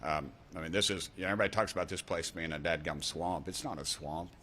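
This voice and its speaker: A deep-voiced man in his sixties with an East Tennessee drawl speaks at a press event, folksy and fired-up. He hammers home short repeated refrains, with a faint hum of ambience behind him. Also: fairly even intonation, quick pace, bright, forceful tone. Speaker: congressman. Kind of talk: fiery press conference remarks.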